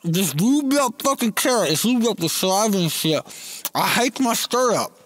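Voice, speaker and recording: A man's voice: sits high, lively intonation, moderate pace, fairly bright tone. A man telling a crude, rambling comedic story in a casual ASMR storytelling style.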